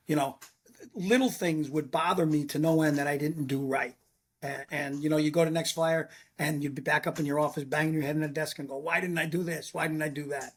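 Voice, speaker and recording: A man's voice: on the high side, a little fast, slightly rough. A middle-aged man, a former fire lieutenant telling blunt stories in a casual chat and acting out what people said. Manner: blunt, animated storyteller who acts out quotes. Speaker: retired fire lieutenant, podcast guest.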